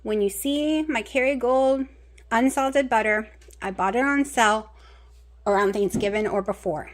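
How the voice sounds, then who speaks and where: A woman chatting casually in a home vlog, rambling and bursting into excitement, filmed on a handheld camera. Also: on the high side, measured pace. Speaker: vlogger. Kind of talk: casual chat.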